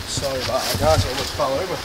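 A man vlogging while exploring rocks at night, excitable and out of breath, talking to his viewers. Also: mid-range voice, very fast. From England. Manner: excitable, keeps addressing viewers as guys. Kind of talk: casual vlog chat. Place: outdoors among rocks at night. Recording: noisy outdoor recording.

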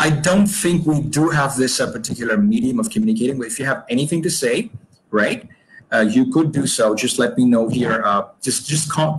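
A man's voice: mid-range voice, fairly bright tone, slight background noise, low-quality recording. A man from Bangladesh answering viewers' comments in a live-stream English lesson, patient and polite, with many fillers and restarts.

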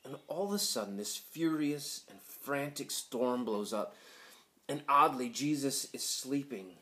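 A man who is a school pastor, giving a sermon at a graduation, swinging from loud pleading to hushed, whispered passages. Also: mid-range voice, expressive, a little slow.

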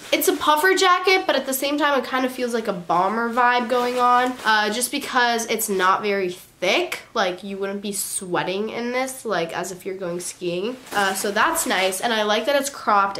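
A young woman with a hoarse, raspy voice from a cold, chatting casually as she hosts a clothing try-on haul vlog. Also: fairly high pitch, moderate pace, hardly any pauses, bright, forceful tone, slight background noise. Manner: chatty and self-mocking, lots of fillers. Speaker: YouTuber hosting a try-on haul.

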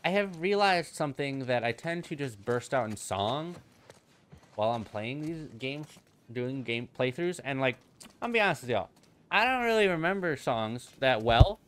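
A man's voice: mid-range voice, animated, moderate pace. A young man giving casual gameplay commentary as a channel host, goofy and rambling, swearing freely and joking to himself.

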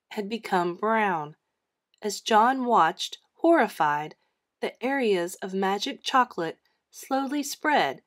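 A woman reading a children's chapter book aloud with an expressive storytelling manner. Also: medium pitch.

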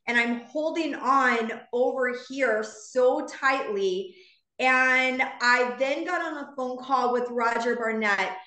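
A woman's voice: a little high, bright, forceful tone, echoey room. A woman in her fifties telling an earnest, heartfelt personal story to a live online audience. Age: 50s. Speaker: founder speaking to her business community.

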